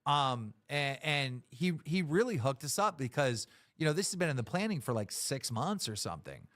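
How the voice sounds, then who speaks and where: A man's voice: medium pitch, big pitch swings, normal speed, a bit bright. A man hosting a live stream, ranting in an exasperated, complaining way with plenty of swearing. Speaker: show host.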